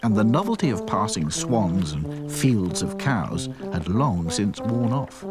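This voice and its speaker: A man narrating a children's cartoon story in an expressive way. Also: deep voice. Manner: animated, expressive.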